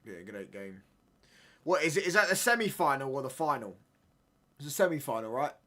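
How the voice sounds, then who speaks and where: Young male streamer, excitable football reactions, slangy banter, bright tone. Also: medium pitch, brisk. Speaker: watchalong streamer. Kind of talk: live football watchalong reaction.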